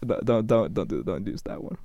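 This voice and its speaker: A man's voice: lowish voice, expressive, brisk, warm tone, dry recording, dull audio. A young man telling rambling, crude jokes in a casual podcast chat. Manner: rambling, crude joking storyteller.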